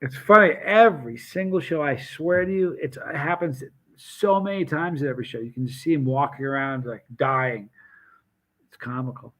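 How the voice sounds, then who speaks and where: A man hosting a casual live stream, telling animated stories with restarts and acted quotes. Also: mid-range voice, normal speed. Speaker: hot sauce seller and channel host.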